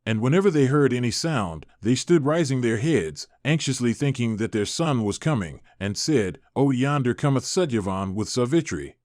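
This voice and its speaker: Male audiobook narrator, measured recitation, mid pitch, dry booth sound. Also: no room sound. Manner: steady, even recitation with formal old-fashioned wording. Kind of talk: measured scripted reading of an epic.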